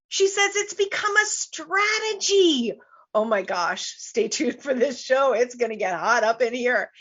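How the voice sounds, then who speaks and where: The recording is muffled, but her voice comes through a little high and fairly bright. She's a business coach running a live online show, laughing readily and stressing her main points again and again.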